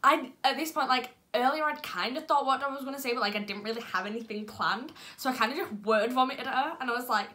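A young woman rambles excitedly through a story in a casual vlog chat. Her voice sits a little high and sounds bright and lively. She giggles often and tumbles from one thought to the next. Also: fast talker, hardly any pauses. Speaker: vlogger.

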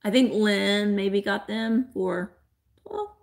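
Selling vintage items on a live stream, a woman speaks slowly in a medium-pitched voice with vocal fry. The auction chat is casual, and she teases viewers by name and laughs frequently.

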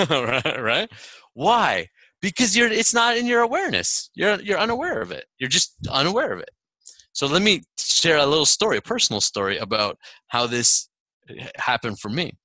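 A man's voice: a little high, normal speed, no room sound. A man speaking as a motivational speaker at a seminar, telling a personal story with laughs along the way. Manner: storytelling, animated, laughs often. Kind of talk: seminar talk.

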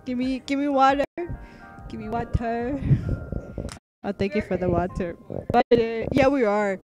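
A woman's voice: a little high, unhurried, over music, low-quality recording. A young woman on a casual livestream, joking and swearing between laughs, then reading a novel aloud. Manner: giggly, swearing, self-mocking banter. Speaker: streamer.

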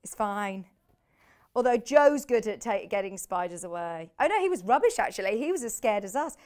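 A woman's voice: medium pitch, very animated, moderate pace, darkish tone. A woman presenting live on a shopping channel from a TV studio, chatty and bubbly, laughing easily as she shows fabrics. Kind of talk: live TV product selling.

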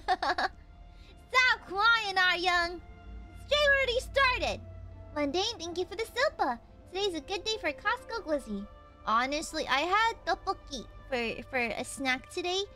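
A young woman streamer chats with her audience in a very high voice that swoops up and down. She teases viewers and thanks them for donations, playful and animated. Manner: playful, teasing, reads out donations; animated, quick pitch jumps. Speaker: VTuber streamer. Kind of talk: casual live-stream chat while gaming.

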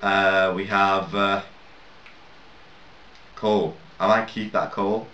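A young man drawls through gameplay commentary at an unhurried pace, his voice sitting a little low. He rambles, swears and laughs at himself. The recording is dull and roomy, as if the mic sits away from him with a faint hiss behind. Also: level tone, pushed and bright. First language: not English. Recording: lo-fi roomy home mic at a distance.

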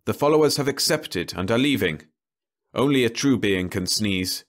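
A man's voice: on the low side, animated, normal speed, close to an everyday voice. A male narrator voicing a middle-aged doctor in a fantasy audiobook, clipped and matter-of-fact. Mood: clinical.

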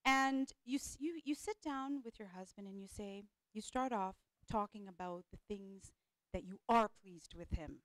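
A woman speaker and life coach giving an animated motivational talk to a live audience at a conference panel, repeating phrases and often checking in with "right?". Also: medium pitch, moderate pace, no echo. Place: conference hall.

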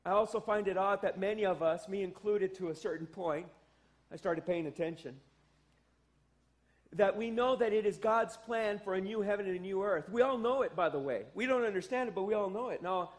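A man preaching a sermon as pastor, animated and emphatic, with joking asides and exclamations. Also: high-pitched. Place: church sanctuary.

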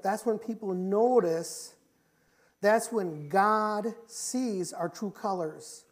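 Here a middle-aged man gives a sermon inside a church sanctuary in a high-set voice. His speech is forceful, leaning on repeated key lines and swinging from loud to quiet.

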